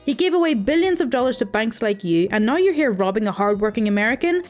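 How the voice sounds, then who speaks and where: A woman's voice: fairly high pitch, very animated, quick pace. A grumpy elderly man who won't let go of a complaint, voiced by a woman telling a story. He sounds indignant and stubborn, every sentence an accusation. It's a storytime reading with faint music underneath. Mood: angry. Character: grumpy elderly man calling his bank.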